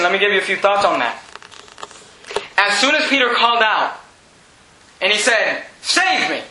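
Fervent high-pitched preacher man. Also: reverberant, rough recording. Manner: loud, fervent preaching with shouts and quick drops to low tones. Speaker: pastor. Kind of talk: sermon.

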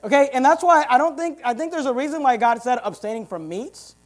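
A pastor preaching a sermon in an emphatic, punchy style with big loud swings. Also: male voice, very high-pitched, a little fast.

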